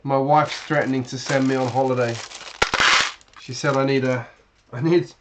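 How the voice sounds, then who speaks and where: A man's voice: mid-range voice, steady tone, normal speed, heavy background noise. British man, channel host, loose and chatty live-stream talker, mid-range voice, wanders through his sentences. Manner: chatty, rambling, many fillers and restarts. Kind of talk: casual live-stream chat while building.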